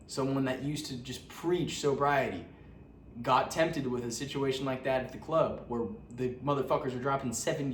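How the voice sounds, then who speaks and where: A young man talking casually to camera as a vlogger, slangy and profane, full of fillers and restarts. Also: mid-range voice. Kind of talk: casual motivational talk to camera. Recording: roomy, distant from the mic, faint background noise.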